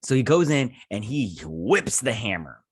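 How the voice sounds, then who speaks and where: A young man hosting a review channel, retelling a TV episode in an excited, rambling way full of "he's like". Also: mid-range voice, a little slow, breathy edge, dry recording. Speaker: host and TV reviewer. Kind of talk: casual episode recap.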